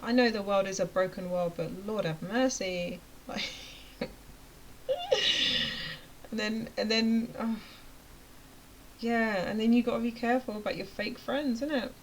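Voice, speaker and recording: A woman's voice: medium pitch, fairly even intonation, a little slow, pauses often, a little hiss or hum, poor audio. Chatty woman ranting to camera. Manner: chatty, emphatic, drops to near-whispers. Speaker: vlogger and web design coach. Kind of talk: motivational rant to camera.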